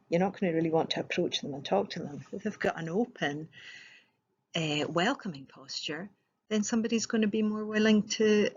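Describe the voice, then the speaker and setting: A woman's voice: medium pitch, warm tone, slightly rough, muffled recording. A woman giving a recorded presentation as a trainer, explaining step by step with rhetorical questions and the odd filler.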